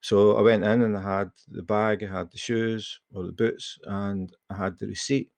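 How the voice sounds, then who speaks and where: A man's voice: on the low side, level tone, normal speed, vocal fry, darkish tone, no room sound. A man with a Scottish accent hosting a live chat, telling a rambling anecdote with plenty of fillers. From Scotland. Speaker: livestream host. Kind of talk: casual storytelling chat.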